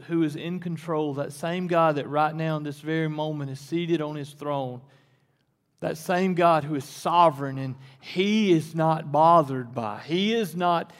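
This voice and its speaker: A male pastor with a voice on the high side preaches at a measured pace in a church sanctuary. He talks conversationally, then builds to emphatic peaks, and the church hall gives the recording long reverb.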